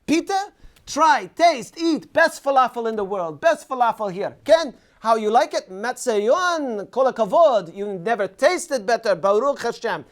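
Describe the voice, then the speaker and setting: A man voicing a pushy, loud market vendor who calls out to passers-by insistently. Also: very high-pitched, expressive, measured pace. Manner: shouting, insistent, chatty.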